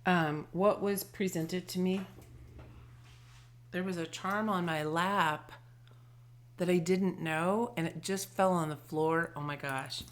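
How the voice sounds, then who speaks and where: Slow, low-voiced gentle woman reading tarot. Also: steady tone. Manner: gentle, affectionate, trailing off with soft murmurs. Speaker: tarot reader and channeler. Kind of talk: intuitive tarot and charm reading.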